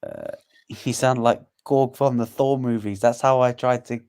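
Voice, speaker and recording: A man co-hosting a casual fight watchalong, eager and opinionated, quick to call the next matchups. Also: medium pitch, vocal fry, a little mellow, smooth. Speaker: co-host. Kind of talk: casual fight commentary chat.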